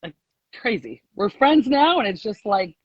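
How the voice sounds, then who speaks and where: A woman's voice: mid-range voice, big pitch swings, a little slow, breathy edge, no echo, dull audio. A woman guest on a casual live call, telling her story in a chatty, rambling way, full of "like"s and laughter. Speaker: guest sharing a success story.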